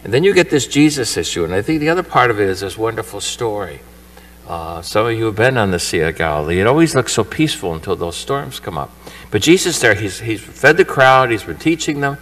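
Low-voiced priest preaching off-mic. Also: male voice, brisk. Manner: lively conversational storytelling, acting out the characters' lines. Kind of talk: homily at Mass. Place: church shrine. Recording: voice from far off the mic.

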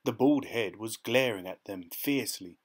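A man reading a children's story aloud with expressive storytelling. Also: lowish voice, normal speed, husky. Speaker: storybook reader.

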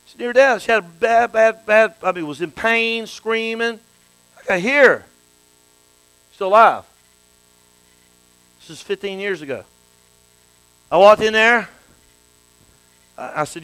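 A man preaching a sermon as a bishop, dropping to hushed storytelling and rising to shouted praise. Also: high voice, brisk, long pauses, smooth, dry recording, low-quality recording.

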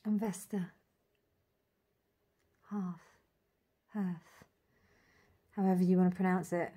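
A woman walking through an oracle deck card by card, calling out each name and meaning with soft, gushing admiration. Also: lowish voice, level tone, fast, husky. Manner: dreamy, admiring, lingers on single words; soft laughs and gushing asides. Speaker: tarot reader reviewing an oracle deck. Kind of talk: casual unboxing walk-through.

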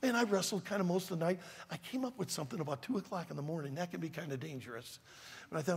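Animated guy preaching, gravelly and raspy, big reverby church. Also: on the high side, fast. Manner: animated, dramatic storyteller. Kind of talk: storytelling sermon. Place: large church auditorium. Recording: reverberant large hall.

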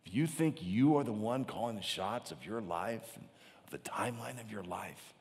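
A man's voice: fairly low pitch, animated, normal speed. A man preaching a sermon as pastor. He talks with animation and acts out mocking voices. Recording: long hall reverb.

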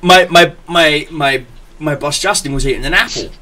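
A man hosting a casual podcast, telling crude work stories with loud laughter and stammering restarts. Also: fairly high pitch, moderate pace, a little hiss or hum. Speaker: podcast host. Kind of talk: casual chat, storytelling.

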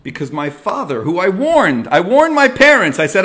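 A middle-aged man hosting a comic monologue, ranting and self-mocking with sudden loud yells. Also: high-pitched, big pitch swings, moderate pace, hardly any pauses. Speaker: comedian host.

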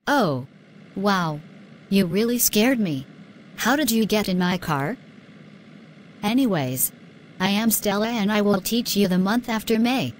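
A chatty young teacher, played by a woman, encourages her class while driving. Her voice sits at a medium pitch over faint background noise. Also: expressive, unhurried, pauses often, natural voice. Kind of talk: scripted lesson dialogue.

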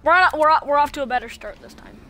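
A woman's voice: high voice, animated, fast, fairly bright tone. Woman streamer chatting while she plays, keeps repeating herself, a little background hiss. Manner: chatty and repetitive, coaxing. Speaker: game streamer. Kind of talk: casual live-stream chatter while playing.

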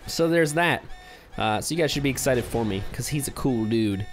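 A man's voice: medium pitch, very animated, fast, a little hiss or hum. A young man giving casual, rambling commentary over his video game play, hyper and easily distracted. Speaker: gaming commentator.

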